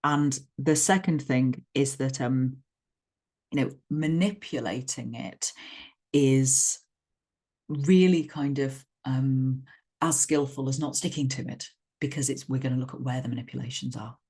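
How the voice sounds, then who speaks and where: A woman's voice: rumbling low, unhurried, mellow, breathy edge. Woman teacher talking through a poem. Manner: thinking aloud, chanting rhythm patterns to demonstrate meter. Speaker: English literature teacher. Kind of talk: explanatory poetry lesson.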